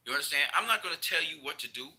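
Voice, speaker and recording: A man's voice: on the high side, expressive, racing, pushed and bright, rough recording. A man ranting in a casual video commentary, heated and emphatic, repeating his points. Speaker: vlogger.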